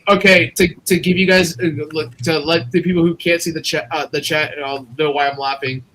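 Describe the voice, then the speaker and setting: A man's voice: on the high side, little pitch movement, brisk, bright, forceful tone. A man on a casual panel chat, giggling as he relays comments from the chat. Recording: noisy background.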